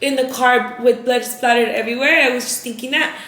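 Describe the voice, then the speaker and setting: A young woman vlogger telling a story to her viewers in a casual, animated way, peppered with "like.". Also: on the high side, echoey room. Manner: animated, rapid, heavy use of "like".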